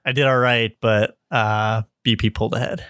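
A man hosting, recapping a board game in a relaxed, self-deprecating way and laughing often. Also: fairly low pitch, moderate pace, smooth, dry recording, studio quality. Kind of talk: casual chat.

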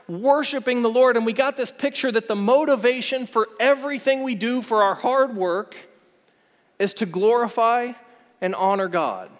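Male pastor, 40s, high-pitched, earnest sermon with rhetorical questions, recorded in a reverberant church hall. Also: normal speed.

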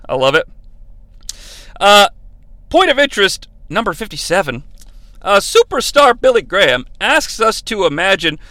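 A man hosting a podcast, giving a sarcastic, profane comedy recap with lots of excitement. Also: high-pitched, no echo. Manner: excitable, sarcastic, swears freely. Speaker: podcast host. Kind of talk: profane comedic recap of an old wrestling event.

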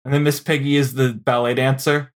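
A man co-hosting a podcast, chatting casually about old movies with lots of fillers and quick laughs. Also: medium pitch, little pitch movement. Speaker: podcast co-host. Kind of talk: casual film discussion.

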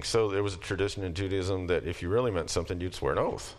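Quick and with few pauses, a middle-aged man speaks in a low voice during an informal lecture. His manner is conversational, but when he reads scripture aloud his emphasis climbs.

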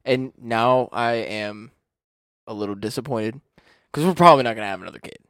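A man's voice: medium pitch, brisk, fairly bright tone, dry recording. A man hosting a casual podcast with a friend, joking and swearing, laughing often, on a close mic. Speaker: podcast host.

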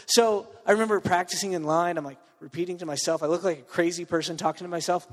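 A man's voice: sits high, fairly even intonation, quick pace, big-room sound. A man preaching a sermon to his church, telling a story with lots of fillers and asides. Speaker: pastor.

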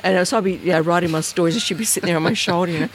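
Middle-aged woman, storyteller, lively and expressive, high squeaky jumps for quoted voices, faint noise outdoors. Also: rapid-fire, low-quality recording. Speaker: guest storyteller. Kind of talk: casual outdoor chat. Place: outdoors at night in bush.

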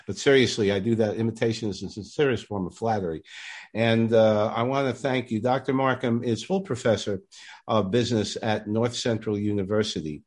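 A man's voice: on the low side, steady tone, fairly quick, darkish tone. A man hosting a podcast interview in a casual, hesitant way with many fillers. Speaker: podcast host.

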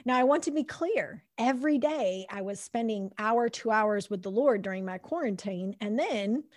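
A woman's voice: on the high side, expressive, normal speed, no echo, clean studio sound. A woman hosting a faith podcast, talking animatedly, acting out her own thoughts and laughing often. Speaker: podcast host.

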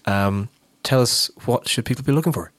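A man's voice: medium pitch, moderate pace, no echo. A man co-hosting a podcast, asking questions in loose, rambling phrasing. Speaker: podcast co-host. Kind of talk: casual podcast interview.

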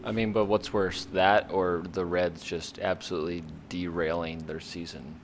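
A man's voice: sits low, little pitch movement, moderate pace, a little hiss or hum. A man hosting a casual sports podcast, upbeat, loose and chatty. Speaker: podcast host.

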